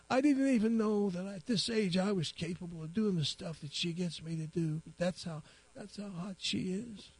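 A man's voice: sits high, darkish tone, breathy edge, pitched above the performer's own voice, exaggerated voice. A man voicing a very old, tearful man who rambles and stammers. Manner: halting, stammering, boastful.

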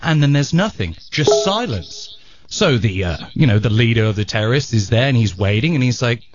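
A man on a radio show telling a joke on air, an animated storyteller who bursts into sound effects. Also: mid-range voice, fairly quick, noisy background. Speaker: radio show regular at the control board. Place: radio studio. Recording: dull lo-fi radio broadcast.

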